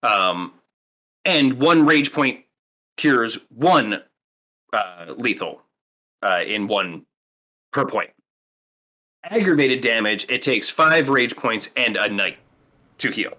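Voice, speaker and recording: A man's voice: mid-range voice, animated, slow pace, pauses often, pushed and bright. A man acting as game master, patiently explaining the rules of a tabletop role-playing game with plenty of fillers.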